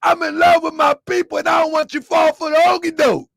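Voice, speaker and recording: A man hosting his own channel, ranting loudly and laughing through animated commentary. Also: extremely high pitch, fast talker, creaky, dry recording, studio quality. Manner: loud, laughing, animated rants. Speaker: channel host.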